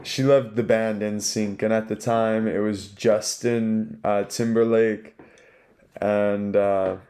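A man's voice: on the low side, little pitch movement, slow, mellow, a little hiss or hum. A young man hosting a casual podcast chat, laid-back and swearing freely, calling his guest bro. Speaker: podcast host.

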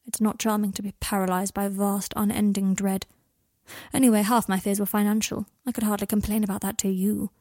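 A woman reading the lines of a guarded, sharp-tongued young wizard in an audiobook of fan fiction, speaking softly and often half in a whisper. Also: mid-range voice, flat delivery, a little fast, no echo, studio quality, natural voice. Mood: wry.

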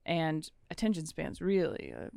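Chatty woman with a gravelly edge. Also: sits low, huge pitch swings, a little slow, darkish tone, dry recording. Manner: chatty storyteller, acts out quotes. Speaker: podcast guest. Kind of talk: casual chat.

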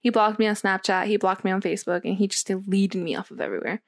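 A woman's voice: medium pitch, quick pace, no room sound. Young woman telling a story, dry sound. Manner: animated storytelling, acts out quotes. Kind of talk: casual chat.

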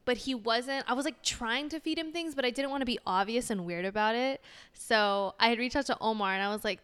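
Young woman podcast cohost, bright crisp voice, bit of long reverb, acts out her quotes. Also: a little high, fairly quick. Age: young adult. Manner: animated storyteller, acts out her own quotes. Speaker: podcast co-host. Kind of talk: casual chat.

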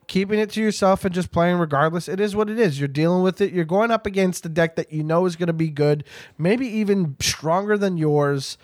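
A man's voice: sits high, a little fast, a little mellow, no echo, clean studio sound. A man hosting a casual podcast chat, rambling and jokey as he talks with his guests. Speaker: podcast host.

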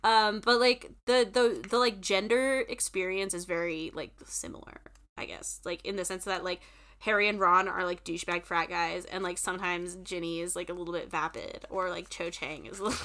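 A woman's voice: lowish voice, steady tone, normal speed, a bit bright. A woman co-hosting a podcast, chatting casually and rambling with lots of filler words. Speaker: podcast co-host. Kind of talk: casual chat.

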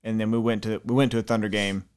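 A man's voice: lowish voice, little pitch movement, quick pace, darkish tone, smooth. A man co-hosting a sports podcast, rambling through stories, cursing and laughing easily. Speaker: podcast co-host. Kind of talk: casual sports chat.

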